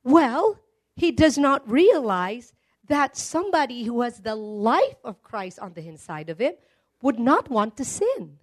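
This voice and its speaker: A woman preaching a sermon, emphatic and calling out to her congregation for responses. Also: high voice.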